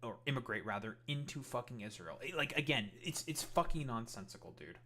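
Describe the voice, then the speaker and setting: A man's voice: mid-range voice, lively intonation, a little fast, bright, forceful tone. Profane ranting man streamer. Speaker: streamer host. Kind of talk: casual political commentary stream.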